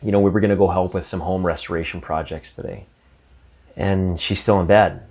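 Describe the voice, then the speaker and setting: A man telling a first-person ghost story in a halting, earnest way, often repeating words as he gets emotional. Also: sits low, fairly even intonation, a little mellow, husky.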